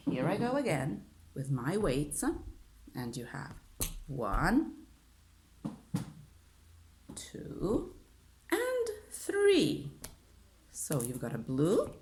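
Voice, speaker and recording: A woman with an Italian accent gives an online English lesson in a low, animated voice. She speaks slowly, drills each rule aloud over and over and keeps checking in with "okay?". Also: slight background noise. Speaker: English teacher.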